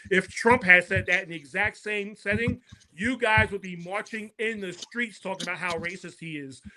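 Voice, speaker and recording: A high-pitched man with a very bright, cutting tone argues his point on a political talk show. He is impassioned and stumbles over repeated words as he builds momentum, with faint noise and clicks behind him. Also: moderate pace, rough recording. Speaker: podcast guest.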